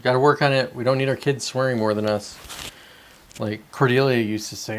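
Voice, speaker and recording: A man's voice: fairly low pitch, little pitch movement, brisk, a little hiss or hum. A man hosting a casual solo livestream, rambling and talking to his chat viewers by name between sips of coffee. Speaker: livestream host.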